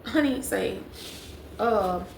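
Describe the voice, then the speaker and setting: With a mid-range voice, vocal fry, and drawn-out words, a young female vlogger shares a chatty storytime straight to camera. She repeats phrases to stress them, and the echoey room carries faint background noise.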